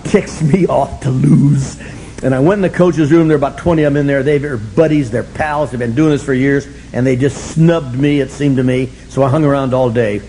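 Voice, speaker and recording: A man's voice: medium pitch, brisk, a little hiss or hum, low-quality recording. Older man telling a rowdy recovery story. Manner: animated, self-mocking, bursts into shouts for emphasis. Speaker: recovery meeting speaker.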